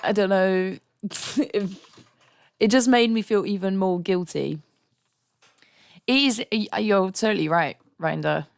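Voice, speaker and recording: A woman's voice: medium pitch, slow, creaky, long pauses, no room sound, clean studio sound. A young woman streaming live, chatting candidly and ranting with frequent laughter. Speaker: songwriting livestreamer. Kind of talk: casual livestream chat.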